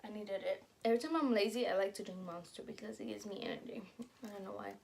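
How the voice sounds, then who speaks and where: A woman's voice: medium pitch, fairly even intonation, fast, gravelly. A young woman casually telling stories to camera while eating, chatty and laughing along as she talks. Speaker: vlogger.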